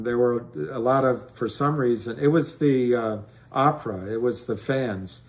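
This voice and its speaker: A middle-aged man hosting a live stream, rambling through stories and answers to callers with many restarts. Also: mid-range voice. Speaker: livestream host answering callers.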